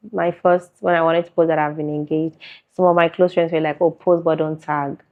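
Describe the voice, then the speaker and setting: Chatty low-voiced Nigerian woman. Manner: chatty, laughs often. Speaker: interviewee, content creator. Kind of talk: casual interview answers. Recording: muffled lo-fi recording.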